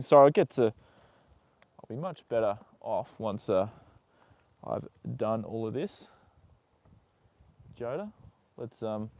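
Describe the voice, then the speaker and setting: A man's voice: mid-range voice, a little mellow. A man live-streaming casually as he tends a horse's leg, muttering, swearing and chatting to viewers and the animal. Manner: swears freely, mutters while working, talks to his horse. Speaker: livestreamer caring for a horse.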